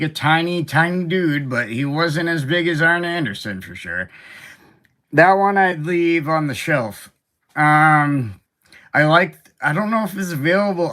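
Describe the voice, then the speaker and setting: Bright-voiced rambling man chatting. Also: medium pitch. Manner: rambling and animated, with fillers and side remarks. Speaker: host. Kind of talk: casual chat about toy collecting.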